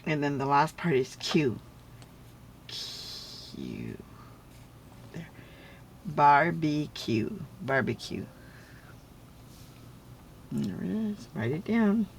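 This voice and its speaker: A woman's voice: low voice, expressive, measured pace, creaky, pauses often, slight background noise. A woman teacher giving a phonics lesson on video, patiently sounding out syllables and checking in with the viewer.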